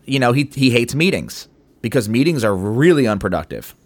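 A podcast co-host with a medium, sing-song, slightly mellow voice chats loosely and briskly. He swears offhandedly and acts out anecdotes from his job.

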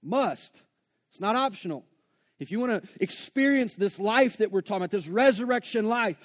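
A man preaches to his congregation in a high, light voice. He keeps it conversational, then slows down and drags out the words he wants to land. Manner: conversational preaching, slows down to stress key phrases. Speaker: pastor. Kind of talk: sermon. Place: church before a congregation.

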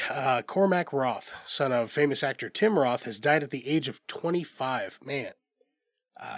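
A man's voice: medium pitch, a bit bright, no room sound. A man hosting a movie news podcast from a studio, a bit congested from a cold, talking in a laid-back, rambling way. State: congested, under the weather. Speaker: podcast host. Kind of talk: casual movie news chat. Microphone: studio mic.

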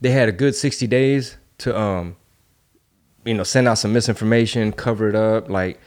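A man's voice: on the low side, moderate pace. A man hosting a podcast, talking bluntly and heatedly with lots of swearing and rhetorical questions. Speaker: podcast host. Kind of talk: casual opinionated chat.

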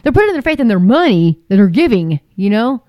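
A woman's voice: medium pitch, very animated, brisk, darkish tone, no echo. A woman giving impassioned religious commentary, emphatic and repetitive, with frequent fillers. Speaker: Christian commentator.

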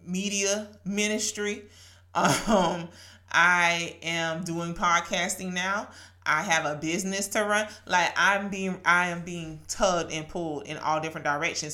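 A podcast host, a woman in her late 30s to 40s, talks earnestly and conversationally about devotional topics, weaving in laughter and scripture. Her fairly low voice has a bright, forceful quality.

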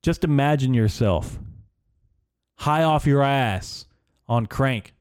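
A man's voice: medium pitch, slow pace, a little mellow, smooth, no room sound. A young man hosting his own podcast, ranting in a profane, rambling, sarcastic way into a close microphone. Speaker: podcast host. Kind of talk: casual solo podcast rant. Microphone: studio microphone.

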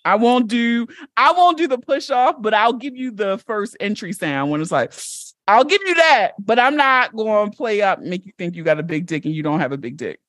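A woman's voice: medium pitch, animated, normal speed, a bit bright, no echo, studio quality. Blunt, laughing woman podcast host. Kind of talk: casual chat.

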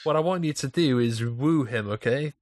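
A man's voice: mid-range voice, moderate pace, a little mellow, dry recording, studio quality. A Welsh man hosting a podcast in casual banter, playful and teasing, on a professional mic. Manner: playful, teasing, sets up bits. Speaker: podcast host. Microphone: professional microphone.

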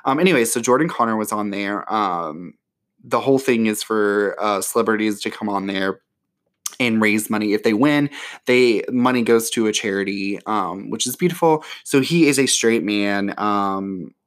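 A man's voice: fairly low pitch, normal speed. Chatty, profane man hosting a podcast. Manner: chatty, profane, many fillers. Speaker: podcast host. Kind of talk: casual solo chat. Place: home near an airport.

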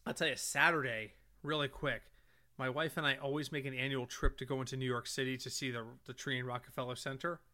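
A middle-aged man co-hosting a casual podcast, an animated storyteller who swears freely. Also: mid-range voice, quick pace. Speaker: podcast co-host.

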